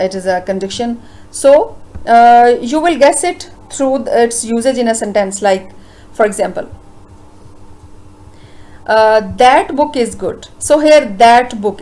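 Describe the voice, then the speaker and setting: A woman's voice: on the high side, a little mellow, low-quality recording. A woman teaching a grammar lesson, explaining patiently with many fillers and rhetorical questions. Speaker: English teacher.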